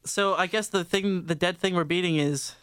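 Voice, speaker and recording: A man's voice: sits high, moderate pace, a bit bright, smooth, dry recording. A man cohosting a podcast, spinning absurd bits in casual banter.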